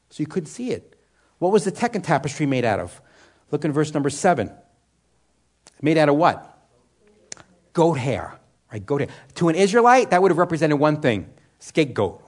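A higher-voiced man preaching a sermon. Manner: asks rhetorical questions and answers them himself; conversational, with frequent "you know" and restarts. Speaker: Bible teacher. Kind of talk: sermon teaching.

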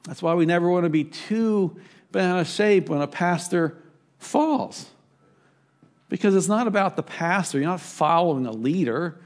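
A man's voice: sits high, lively intonation, moderate pace. A middle-aged man preaching a sermon as pastor, conversational, with sudden rising emphatic bursts.

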